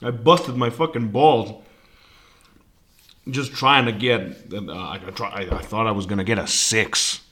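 A man's voice: on the low side, unhurried. A young man hosting a podcast, telling a rambling story full of swearing in a casual monologue. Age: young adult. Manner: profane, rambling and animated. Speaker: podcast host.

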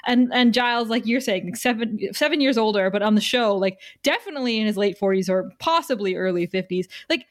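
A woman's voice: fairly high pitch, expressive. A woman co-hosting a podcast who talks enthusiastically, often laughing. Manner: enthusiastic, quick bursts of laughter. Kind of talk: casual recap chat.

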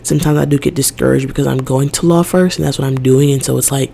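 Young woman, podcast host, casual monologue, gravelly creaky voice, rambling, emotional, lots of "like". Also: extremely low pitch, fairly even intonation, fast talker, dark tone, a little hiss or hum. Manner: emotional, rambling, heavy use of "like".

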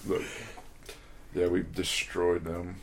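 A man in casual chat, telling lively stories and acting out what others said, with some swearing. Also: sits low, takes it slowly, slight background noise. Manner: animated storyteller, swears, acts out quotes.

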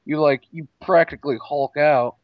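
A man's voice: on the high side, fairly even intonation, normal speed, dry recording. A man reacting bluntly in a casual chat, swearing freely. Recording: dry, slightly dull audio.

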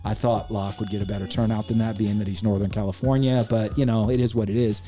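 Middle-aged man, podcast co-host, casual storytelling, lively, cursing freely. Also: lowish voice, quick pace, faint music behind.

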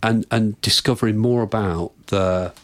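A man's voice: on the low side, moderate pace. A man, a podcast guest telling bawdy anecdotes in casual chat and acting out the voices in them. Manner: bawdy storyteller, laughing, acts out voices.

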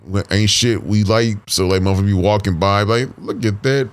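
A man's voice: lowish voice, steady tone, fairly quick, clear, resonant tone. A man chatting as a podcast guest, rambling loosely with lots of fillers and swearing. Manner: rambling, full of fillers and profanity. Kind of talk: casual podcast chat.

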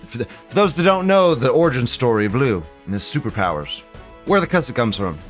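A man's voice: mid-range voice, sing-song, fairly quick, soft background music. A man hosting a live show, ranting in a casual, profane, rambling way and repeating himself. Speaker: livestream show host.

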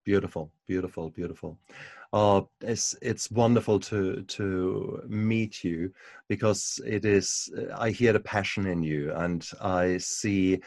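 Male podcast host, low voice, halting and repetitive, dry close sound. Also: dry recording. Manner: halting, repeats words, warm encouraging fillers. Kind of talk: casual interview.

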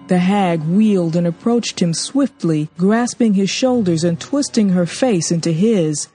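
A woman narrates a novel in a measured, expressive audiobook reading. Her voice sits a little low, with a dark and mellow tone. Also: breathy edge, faint music behind.

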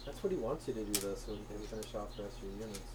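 Male podcast co-host, animated swearing storyteller, off-mic in a noisy room. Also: lowish voice, very fast. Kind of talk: casual storytelling over a board game. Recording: distant mic with background noise.

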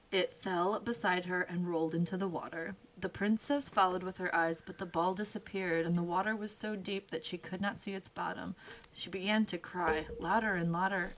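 In a low-quality recording, a young woman with a lowish voice co-hosts a podcast. She casually retells a fairy tale as comic storytelling, peppered with profane jokes.

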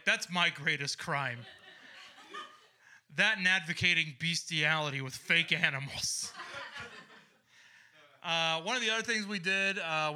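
Bright, crude stand-up comic from Ohio. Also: male voice, a little high. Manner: crude, sardonic, builds to loud ranting bits. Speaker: stand-up comedian. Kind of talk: stand-up comedy set.

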